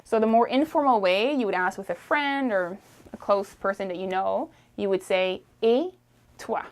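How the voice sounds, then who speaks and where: A woman teaching a French lesson, repeating phrases slowly and encouraging the learner to try. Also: medium pitch. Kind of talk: friendly language lesson.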